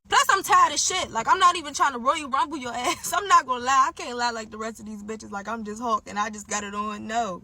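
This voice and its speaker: High, bright-voiced young woman telling a story. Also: brisk, few pauses, a little hiss or hum. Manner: animated, profane, swinging between loud bursts and low asides. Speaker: storyteller in a clip. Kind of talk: casual storytelling.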